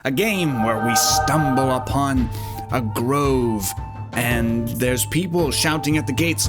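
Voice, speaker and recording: Brief: male let's-play host, playful and rambling, unhurried, game music clearly behind him. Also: mid-range voice. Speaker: gaming video host.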